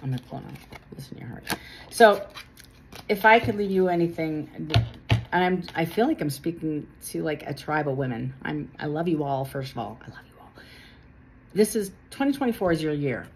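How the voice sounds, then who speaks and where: A woman's voice: low-pitched, animated, brisk, a little hiss or hum. A woman giving a casual tarot reading to camera, earnest and chatty, with a self-deprecating touch. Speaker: tarot reader.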